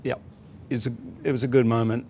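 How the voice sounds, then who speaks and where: A middle-aged man, a talk-show guest, telling a story in a relaxed, animated way and acting out the people he quotes. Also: medium pitch, fast, a little hiss or hum. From Australia. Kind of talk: casual talk-show anecdote.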